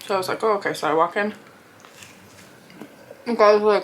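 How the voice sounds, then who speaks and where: A woman's voice: medium pitch, moderate pace, long pauses, a bit bright, a little hiss or hum, low-quality recording. A young woman vlogger casually telling a rambling story while eating, laughing often and acting out what people said. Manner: chatty, rambling, lots of "like" and quoted dialogue. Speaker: mukbang vlogger.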